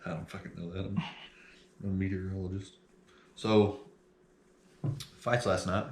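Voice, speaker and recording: A man's voice: deep voice, flat delivery, unhurried, a little mellow, reverberant, a little hiss or hum. A young man, co-hosting a podcast in casual chat, laughing often and swearing freely. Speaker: podcast co-host.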